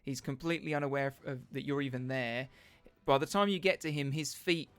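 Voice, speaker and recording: A man narrating as dungeon master in an animated, laughing way, often searching for words. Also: medium pitch, brisk, clear, resonant tone. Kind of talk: narrating a tabletop game.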